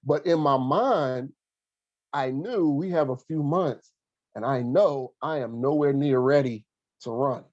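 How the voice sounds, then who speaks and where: A man's voice: mid-range voice, darkish tone, dry recording, dull audio. Earnest man telling his story. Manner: earnest, halting, many fillers and restarts. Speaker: guest, former college athlete and coach. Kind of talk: reflective interview storytelling.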